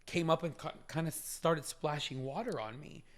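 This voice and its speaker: A man from Los Angeles, a podcast guest, tells a casual story in a loose, animated way, peppered with filler words and the odd swear. His voice sits a bit on the higher side for a man. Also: moderate pace. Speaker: guest, former chef.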